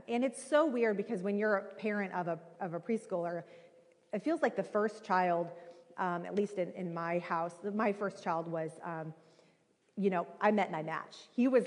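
A woman in her thirties preaching a sermon, telling a personal story in a conversational, animated way with many fillers. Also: medium pitch. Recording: reverberant hall.

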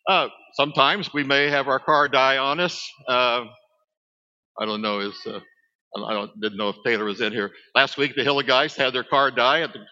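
Pastor guy chatting thru his sermon, bright voice, long hall echo, kinda dull sound. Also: medium pitch, steady tone, normal speed. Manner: conversational preaching with asides.

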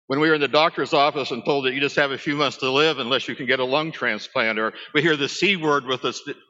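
A man's voice: medium pitch, bright, forceful tone, big-room sound, lo-fi sound. A man, preaching a sermon as a pastor, talking conversationally with asides to his congregation.

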